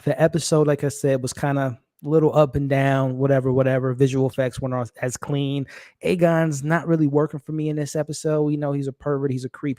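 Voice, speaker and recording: A man hosting a live stream, talking excitedly and rambling straight to his chat. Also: medium pitch, no echo, studio quality. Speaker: host of a live aftershow stream. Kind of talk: excited casual livestream commentary.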